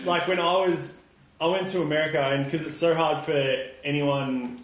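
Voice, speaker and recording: A man's voice: fairly high pitch, fairly even intonation, unhurried, recorded from a distance. An Australian man co-hosting a podcast, full of teasing jokes and banter. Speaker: podcast co-host. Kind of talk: casual chat. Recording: echoey room.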